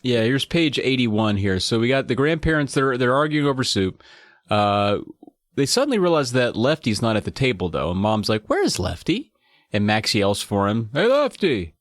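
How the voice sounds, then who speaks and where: A man's voice: medium pitch, expressive, normal speed, dry recording. Man, podcast host, casual chat, reads passages aloud, enthusiastic, dry close sound.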